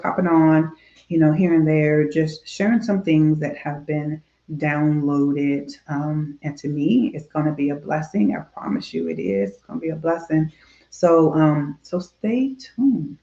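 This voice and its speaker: A woman minister giving a gentle devotional talk on grief straight to camera, soft and repetitive, with many fillers and prayerful pauses. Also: low-pitched, echoey room, lo-fi sound.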